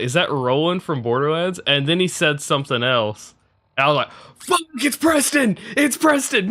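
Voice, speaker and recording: A young adult man streaming, telling a story in casual chat with lots of swearing and frequent laughter. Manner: animated, swearing, laughing often, breaking into high laughs.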